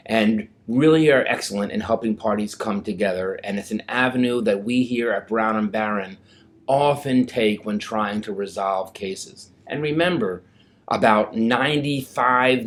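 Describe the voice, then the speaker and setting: A male lawyer explaining mediation to clients in a conversational, plain-spoken way. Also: lowish voice. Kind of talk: explaining legal process.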